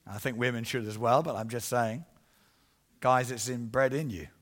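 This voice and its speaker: A middle-aged man preaching as an evangelist, telling a story with animated swings between hushed and loud passages. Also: mid-range voice, normal speed. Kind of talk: storytelling sermon.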